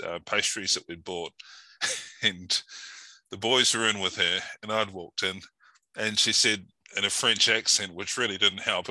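Bright-toned New male host. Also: fairly low pitch, no echo, low-quality recording. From New Zealand. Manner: chatty, laughing storyteller. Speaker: interviewer, host. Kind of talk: casual interview chat and anecdote.

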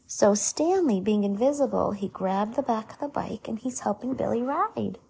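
A woman's voice: fairly high pitch, lively intonation, normal speed, gravelly, slightly rough. A woman reading a storybook aloud to her child, stopping to explain the story in her own words. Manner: gentle, explains the story as she reads.

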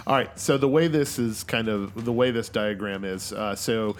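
A man with a fairly low voice runs a tabletop role-playing game at a normal speed, with slight background noise behind him. His scene descriptions ramble, full of fillers and restarts.

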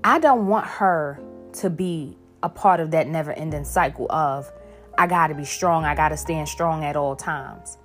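A woman's voice: low voice, normal speed, fairly bright tone. Woman, candid mother's talk, emphatic, profane, faint music behind. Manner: frank and profane, emphatic repetition. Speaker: parent talking to viewers. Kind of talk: candid personal talk to camera.

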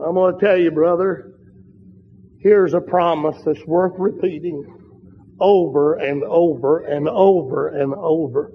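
A man's voice: high-pitched, a little hiss or hum. A man preaching a sermon, telling a story and building to fervent, emphatic peaks with repeated phrases. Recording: long hall reverb, dull lo-fi sound.

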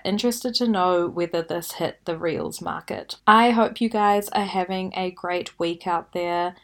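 A young New Zealand woman hosts her podcast in an unhurried, chatty way. Her voice sits a little low for a woman, and she often breaks into laughter. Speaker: podcast host. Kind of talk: casual podcast chat.

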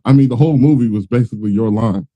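A man's voice: mid-range voice, rapid-fire, husky, dry recording, dull audio. A man hosting a casual interview, easygoing and complimentary, with some restarts. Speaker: podcast host.

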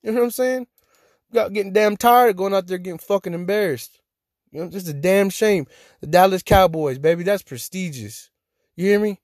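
Animated man ranting on his podcast. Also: sits high, a little fast, no echo, clean studio sound. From Texas. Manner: animated, ranting, repeats "you hear me?". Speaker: podcast host. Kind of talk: casual solo podcast rant.

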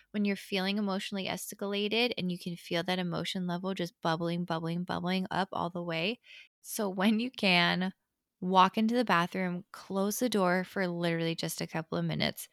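A young woman co-hosting a podcast, her voice a little low with a gravelly fry. She talks in a candid, chatty way, full of "like" and "really." The sound is dry and close. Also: a bit bright, no room sound. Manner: candid and chatty, many fillers. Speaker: podcast co-host. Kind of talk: casual advice talk.

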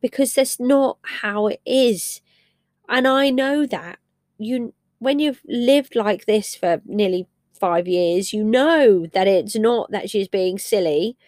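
A woman's voice: mid-range voice, takes it slowly, a little mellow, no echo, clean studio sound. A middle-aged woman hosting a personal podcast, telling a story about her family in a candid, emotional, reflective way. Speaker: podcast host and parent.

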